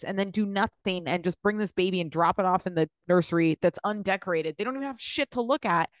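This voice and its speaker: A woman's voice: medium pitch, animated, a little fast, few pauses, no room sound, clean studio sound. A woman co-hosting a podcast, chatting casually and bluntly about a reality show with sarcastic asides and swearing. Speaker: podcast co-host.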